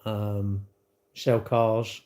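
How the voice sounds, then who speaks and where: A man's voice: fairly low pitch, level tone, drawn-out words, darkish tone. Rambling, blunt man chatting live. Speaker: live-stream host. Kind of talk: casual live-stream chat, reading viewer comments.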